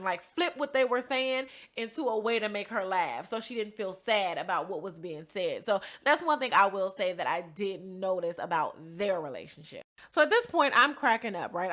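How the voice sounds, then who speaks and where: High, bright-voiced woman telling gossip. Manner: animated, acts out quotes, laughs often; profane, slangy. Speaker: reality TV recap host. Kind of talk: casual storytelling recap.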